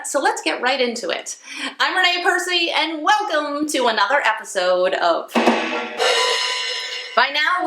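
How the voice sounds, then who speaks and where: A woman's voice: high-pitched, sharp tone, reverberant. A woman presenting a comic weekly news roundup in a chatty, folksy way.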